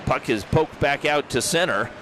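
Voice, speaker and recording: A man doing live play-by-play of an amateur hockey game, brisk and jokey, rising to shouts on big plays. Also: mid-range voice. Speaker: play-by-play commentator. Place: hockey arena broadcast booth. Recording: rink commentary with loud crowd and arena noise.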